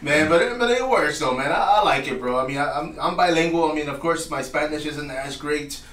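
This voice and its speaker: Texan male host, easygoing and chatty, slightly high voice, off mic in an echoey room. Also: a little fast, fairly bright tone, distant mic. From San Antonio, Texas. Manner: laid-back, peppers speech with "bro" and "man". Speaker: podcast host. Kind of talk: casual chat.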